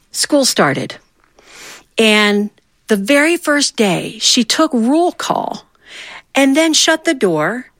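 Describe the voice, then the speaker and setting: Animated woman telling a personal story. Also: fairly high pitch, no room sound. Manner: animated, acting out voices in her story.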